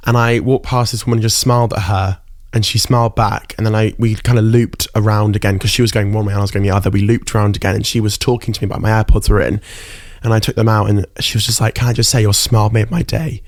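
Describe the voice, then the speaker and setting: A man's voice: mid-range voice, no echo. Young male podcast host, candid and teary, dry close mic. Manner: emotional, candid, swears casually. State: emotional, close to tears. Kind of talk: casual solo podcast reflection.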